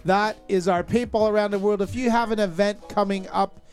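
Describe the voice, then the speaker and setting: A man's voice: high-pitched, steady tone, fairly quick, soft background music. A man co-hosting a casual podcast, reading out event listings and stumbling over names and dates. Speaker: podcast co-host.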